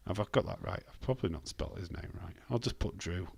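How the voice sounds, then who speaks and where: A man's voice: deep voice, animated, fast talker, vocal fry, darkish tone, husky, no room sound. A British man hosting a live watch-along, giving casual, blunt commentary and swearing freely. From Britain.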